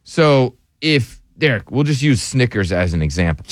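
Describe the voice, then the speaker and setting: A man's voice: medium pitch, very animated, moderate pace, no room sound, clean studio sound. A man hosting a radio show, chatting casually with a co-host and laughing often. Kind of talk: casual morning show banter.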